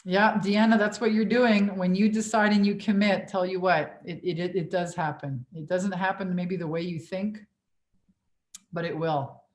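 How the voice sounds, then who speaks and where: A woman's voice: on the low side, fairly even intonation, normal speed. A woman in her forties, a business coach on a livestream Q&A, talking in a blunt, profane, emphatic way. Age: 40s.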